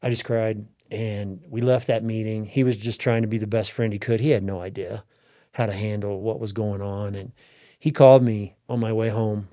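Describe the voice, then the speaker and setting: A man's voice: lowish voice, steady tone, normal speed, mellow. A middle-aged man telling a personal story as an interview guest, earnest and heartfelt, often restarting his sentences.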